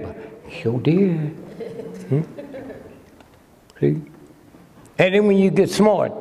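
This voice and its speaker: A man's voice: on the high side, gravelly, a little mellow. An older man giving a humorous lecture to a live audience, sly and teasing, constantly prodding the crowd with "hmm?". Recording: long hall reverb.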